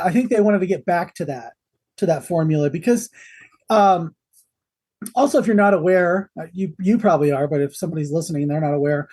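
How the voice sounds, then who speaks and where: A man's voice: fairly high pitch, a little mellow, husky. A man co-hosting a movie podcast over a call, rambling with many fillers and dry sarcasm. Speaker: podcast co-host. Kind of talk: casual podcast chat. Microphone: video call.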